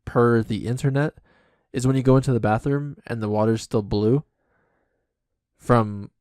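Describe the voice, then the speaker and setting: Male co-host, mid-pitched, playful and riffing, dead-dry close sound. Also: steady tone, moderate pace, darkish tone, dry recording. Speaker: podcast co-host. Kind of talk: casual comedic chat.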